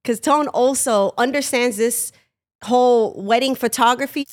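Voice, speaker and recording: A woman co-hosting a podcast as producer, chatting casually and telling her side in an animated, candid way. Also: a little high, a little slow. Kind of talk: casual chat.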